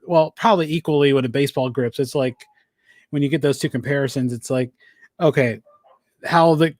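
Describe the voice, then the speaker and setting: A man hosting a live-streamed sports podcast, asking long, rambling questions in a relaxed way. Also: on the high side, dry recording, clean studio sound. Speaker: podcast host.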